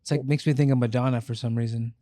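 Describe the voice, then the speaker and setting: A young man co-hosting a podcast, rambling with deadpan dark humor. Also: mid-range voice, fast, no room sound. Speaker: podcast co-host. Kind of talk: casual chat.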